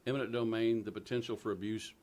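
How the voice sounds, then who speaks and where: A man's voice: lowish voice, flat delivery, fast talker, darkish tone. A man, co-hosting a casual political talk show in a folksy, joking, opinionated way.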